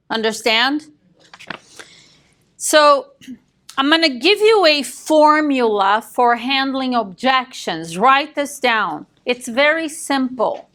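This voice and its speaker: A woman coaching a live sales class, emphatic and direct, often quizzing her listeners with quick questions and a dry joke. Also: a little high, a bit bright. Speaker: real estate sales coach.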